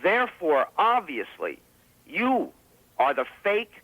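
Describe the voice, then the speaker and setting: A man's voice: sits high, wildly swooping pitch, takes it slowly, a bit bright, breathy edge, no room sound, low-quality recording. A man calling a radio show and laying out a grievance step by step. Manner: aggrieved, step-by-step accusation. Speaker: caller.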